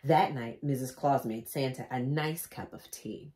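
A woman's voice: extremely low pitch, normal speed, hardly any pauses. A woman vlogger reading a picture book aloud with chatty, joking asides. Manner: animated, chatty asides, laughs at own jokes.

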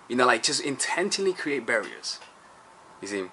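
A man's voice: mid-range voice, a little fast, pushed and bright, slight background noise. A man giving casual dating advice as a coach, rambling with many restarts and checking in with "all right?" and "you see".

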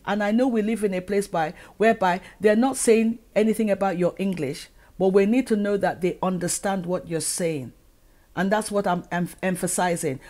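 Speaking at a medium pitch with a darkish tone, a middle-aged African educator hosts her advice channel. She talks to the camera with earnest conviction, filling her talk with rhetorical questions.

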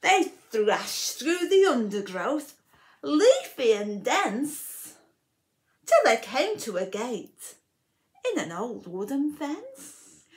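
A woman reads a rhyming picture book aloud to children at a library storytime, very expressive and slipping in whispered asides. Her voice sits high and she reads slowly.

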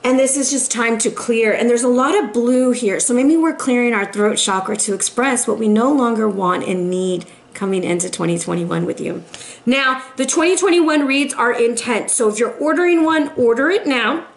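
A woman's voice: on the high side, expressive, normal speed. A woman giving a casual tarot reading in a chatty, emphatic way, often asking "right?". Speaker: tarot reader. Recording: roomy echo with faint noise.

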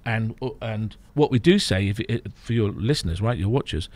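A man coaching and explaining on a podcast, emphatic, often checking in with a quick "right?". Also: lowish voice, animated, darkish tone, dry recording. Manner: emphatic, explaining, frequent "right?" tag questions. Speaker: therapy programme coach. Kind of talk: podcast guest conversation.

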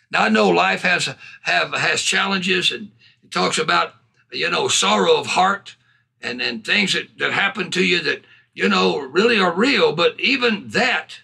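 A man preaching a sermon in a high, bright voice with a gravelly, husky edge. He is fervent and exclaims praise between his points. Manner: fervent, punctuated with hallelujahs and bursts of laughter.

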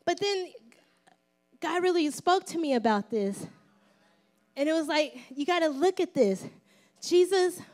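High-voiced woman pastor preaching, playful and animated, sometimes whispers. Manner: lively, playful, acts out voices; drops to a whisper at times. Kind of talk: sermon.

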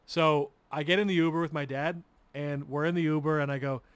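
A man's voice: fairly high pitch, fairly even intonation, a little fast, clean tone, dry recording. A man telling a long story while playing a game, rambling and swearing freely with lots of restarts. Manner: rambling, profane, restarts a lot. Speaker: gamer streamer.

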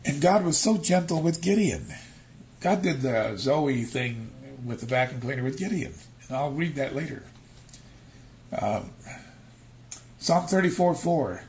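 A man preaching a sermon, telling stories with animated, shifting emphasis, from near-whispers to loud stresses. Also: a little high, measured pace, pauses often, slight background noise. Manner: animated storytelling, acting out quotes.

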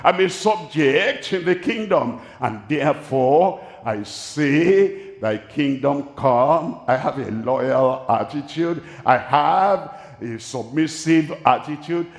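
A man with a Nigerian accent preaching a sermon at a large crusade, speaking slowly and deliberately, repeating his key phrases. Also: fairly high pitch, expressive. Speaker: pastor. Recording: echoey hall, voice from a distance.

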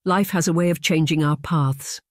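A gentle young governess in an audiobook, as the narrator puts her on, measured and soft-spoken. She picks every word carefully, and the recording is close and dry. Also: low-pitched, dry recording, natural voice. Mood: wistful. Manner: measured, soft-spoken, choosing words with care. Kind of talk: audiobook reading.

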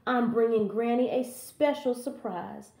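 A woman voicing an eager, cheerful little girl in a high voice. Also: a little slow, mellow, echoey room.

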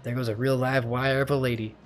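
A man reads in the voice of a tough male gangster who runs a club. He talks in a rough drawl, blunt and streetwise, in an ordinary mid-pitched voice. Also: level tone, fairly quick, close to an everyday voice. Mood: gruff, protective. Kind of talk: reading game dialogue aloud.

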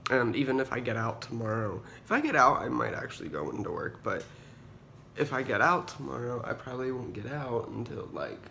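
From a hospital bed as an unwell patient awaiting kidney surgery, a young vlogger vents on a casual phone video, dramatic and sweary, saying "like" constantly. His mid-range voice is gravelly with heavy fry and a sharp tone, and he's expressive and brisk, with a faint room hum behind him.

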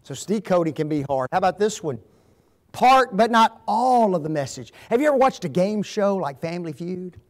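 At normal speed and in a high voice, an older guest speaker addresses a marriage seminar held in a church hall. He keeps things folksy and lively, telling stories and posing rhetorical questions to those listening.

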